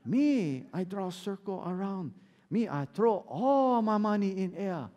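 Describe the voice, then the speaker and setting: A man's voice: high voice, sing-song, a little slow, warm tone, big-room sound. A man putting on a Japanese accent to voice a sly castaway who speaks in clipped, broken English. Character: sly stranded man with a trick.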